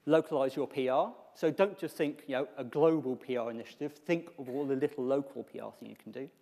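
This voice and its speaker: A man's voice: mid-range voice, fast, creaky, warm tone. A man giving a conference presentation with wry, joking asides. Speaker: conference speaker. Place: large lecture hall. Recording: echoey hall reverb.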